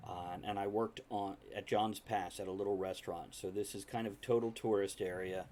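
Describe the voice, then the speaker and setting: A man's voice: fairly low pitch, steady tone, normal speed, a little mellow. A man on a livestream chat telling a vivid anecdote, acting out the scene as he goes. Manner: vivid storyteller, acts out scenes. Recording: faint background noise.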